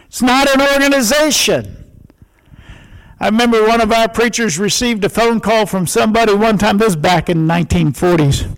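A man's voice: high-pitched, lively intonation, normal speed, poor audio. A male pastor preaching a sermon in emphatic, repeated short declarations.

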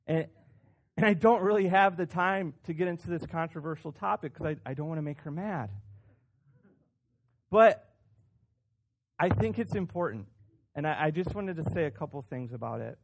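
A man preaching a sermon as pastor, speaking conversationally with frequent restarts and emphatic rises. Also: fairly high pitch.

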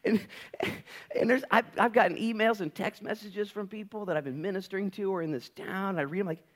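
A male pastor preaching a sermon in an animated, conversational and playful way. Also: high-pitched, a little fast.

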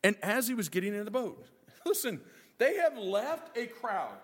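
A high-voiced male preacher with a wildly swinging delivery, playing the disciples' complaints for laughs. His voice rings out into a big hall with a long echo trailing behind each phrase. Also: sing-song, normal speed. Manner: acts out disciples' voices, joking asides. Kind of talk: animated sermon.

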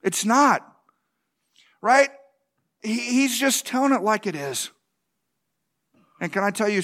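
Male pastor, 30s, high voice, folksy preaching full of rhetorical questions. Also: a bit bright. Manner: conversational, repeats "can I tell you", restarts. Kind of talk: sermon.

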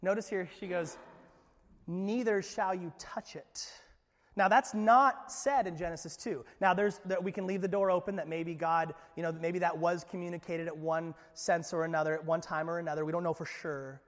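High-voiced emphatic male preacher. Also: steady tone, a little fast, few pauses, in a large hall. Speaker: pastor. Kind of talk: sermon.

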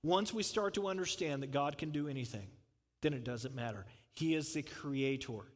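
High-voiced pastor preaching in a hall. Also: male voice, normal speed. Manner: conversational preaching with asides and rhetorical questions. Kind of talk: sermon.

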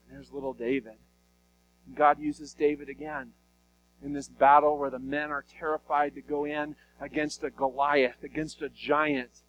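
A man preaching a sermon, retelling Bible stories in an animated, conversational way. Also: mid-range voice, moderate pace, slight background noise, poor audio. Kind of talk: sermon storytelling.

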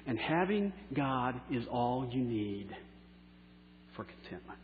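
A pastor preaching a sermon, slowing down for key phrases and letting line endings trail off softly. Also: male voice, medium pitch, big pitch swings, slight background noise. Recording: echoey hall on a tinny phone-like line.

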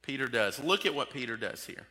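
Bright-voiced preacher in a reverberant hall. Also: male voice, medium pitch, expressive, brisk. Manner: conversational, asks the congregation direct questions. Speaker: pastor. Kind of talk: sermon.

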